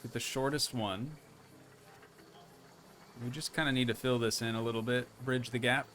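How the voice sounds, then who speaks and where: A man's voice: mid-range voice, fairly even intonation, normal speed, a bit bright, a little hiss or hum. A young man casually commenting as he builds in a game, chatting to his viewers and thinking aloud. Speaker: streamer.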